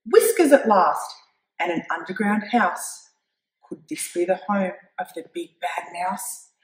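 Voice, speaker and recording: A woman reading a picture book aloud to children, expressive and pointing things out to her young listeners. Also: on the low side, unhurried, echoey room, low-quality recording. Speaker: storyteller.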